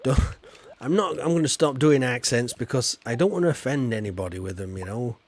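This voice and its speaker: A man's voice: mid-range voice, animated, fairly quick. A man with a Yorkshire accent chatting casually as he streams a game, reading chat aloud and joking at his own expense. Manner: chatty, self-deprecating, reads chat aloud. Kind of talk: casual livestream commentary.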